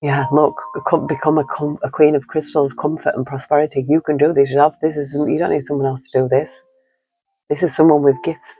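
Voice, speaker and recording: A man's voice: a little high, level tone, brisk, mellow, husky, rough recording. A man giving an earnest, encouraging tarot card reading, rambling and repeating himself often. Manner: rambling and repetitive, leaning on "you know". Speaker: tarot reader.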